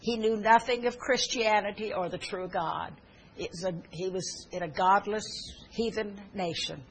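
A woman's voice: medium pitch, steady tone, unhurried, a little hiss or hum, rough recording. A woman preaching a sermon, telling stories earnestly with fillers and restarts, and urging her listeners fervently.

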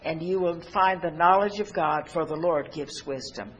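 A woman's voice: low voice, moderate pace, lo-fi sound, slight background noise. Earnest woman preaching a televised sermon. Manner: earnest, emphatic, with restarts.

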